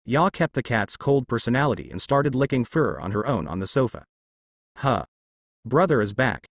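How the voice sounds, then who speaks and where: Animated male audiobook narrator. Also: mid-range voice, a little fast, gravelly, no echo, studio quality.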